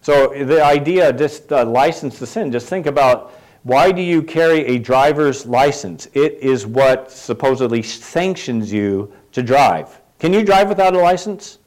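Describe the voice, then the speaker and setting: A man's voice: medium pitch, expressive, measured pace, darkish tone, poor audio. A middle-aged man preaching a sermon in a conversational way, putting questions to the congregation and adding light asides. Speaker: pastor.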